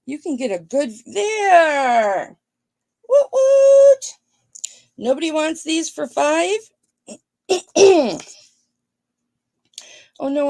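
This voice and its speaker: A woman host of a live-stream auction with a gravelly, slightly high voice, taking her time as she chats playfully to viewers. The sound is close and dry, with no room around it. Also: no echo. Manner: chatty and playful, thinks out loud, greets viewers by name.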